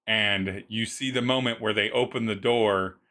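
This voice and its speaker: A man narrating a tabletop roleplaying game as game master, describing scenes in a halting way with many restarts. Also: on the low side, fairly even intonation, sharp tone.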